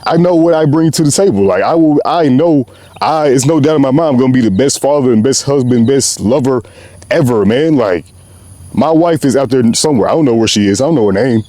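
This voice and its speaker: Passionate rambling young man, mellow voice. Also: mid-range voice, animated, fairly quick, no room sound. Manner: passionate, rambling, slangy, often says "bro". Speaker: podcast host. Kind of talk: unscripted heartfelt monologue.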